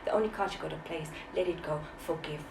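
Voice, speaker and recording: Gravelly impassioned woman in her forties. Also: sits low, fast talker, reverberant, distant mic, noisy background. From South Africa. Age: 40s. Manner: impassioned, repeats words, preachy. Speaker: author and interview guest. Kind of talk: emotional testimony.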